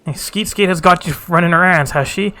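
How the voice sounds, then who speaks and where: A man's voice: high-pitched, quick pace, bright, forceful tone. A man reading a blunt, weary female camp commander in a game, with a folksy, dry complaining manner.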